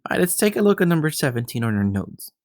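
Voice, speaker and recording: A man's voice: on the high side, big pitch swings, fast, a little mellow, dry recording, studio quality. A male math teacher working through geometry problems step by step, often repeating himself and checking in with "right?". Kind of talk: recorded math lesson.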